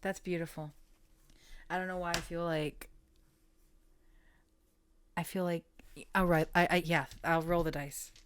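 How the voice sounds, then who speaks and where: A woman giving a casual tarot reading, soft-spoken and musing, often trailing off and starting her thoughts over. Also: on the low side, flat delivery, a little slow, long pauses, a little hiss or hum. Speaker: tarot reader.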